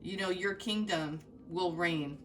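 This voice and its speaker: A woman with a fairly low voice gives an earnest, emotional tarot reading, talking straight to her viewers and restarting her thoughts often. She sits a little back from the mic, and soft music plays faintly underneath. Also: takes it slowly, recorded from a distance. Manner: earnest and heartfelt, addresses viewers directly, many fillers and restarts. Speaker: tarot reader.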